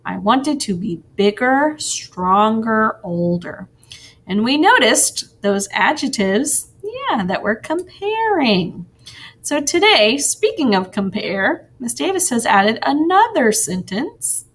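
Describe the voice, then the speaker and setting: A woman teacher giving a recorded grammar lesson to young children, slow and sing-song, with soft encouraging asides. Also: a little high, sing-song, a little hiss or hum.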